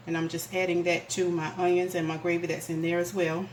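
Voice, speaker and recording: A homey, chatty woman talks viewers through her cooking, her voice a little low. She's recorded in an echoey home kitchen, with household noise clearly heard behind her. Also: little pitch movement, brisk. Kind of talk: casual cooking demonstration.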